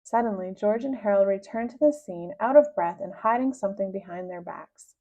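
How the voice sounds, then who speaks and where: A woman reading a children's book aloud with expressive, lively narration. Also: brisk. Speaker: reader. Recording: dull low-fidelity sound.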